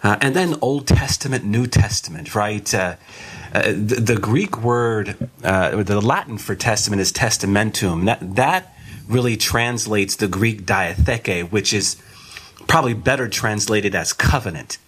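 A man who is a theology guest, explaining a topic in a measured teaching way and slowing down to stress key words. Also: on the low side, a bit bright, slightly rough.

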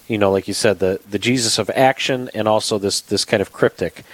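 A man's voice: lowish voice, fairly quick, no room sound. A man hosting a radio show in a studio, talking casually with many fillers and restarts.

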